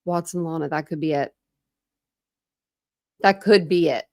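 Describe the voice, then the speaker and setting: A woman's voice: sits low, unhurried, creaky, a little mellow, no echo, studio quality. A woman from Ohio hosting a casual true crime live stream, rambling, laughing often and answering chat comments. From Ohio, USA.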